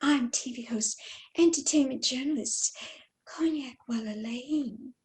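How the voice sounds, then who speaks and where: A breathy, half-whispered glamorous starlet, soft and low, as a woman puts her on. She purrs each word like an old film siren. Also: unhurried. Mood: sultry. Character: breathy glamorous blonde screen-star woman.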